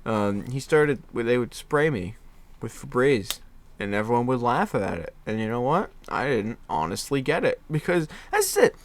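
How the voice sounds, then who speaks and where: Self-mocking young man, lively voice. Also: mid-range voice, normal speed. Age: 20s. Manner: self-deprecating, laughs often, many restarts. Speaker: podcast host. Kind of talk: candid personal storytelling.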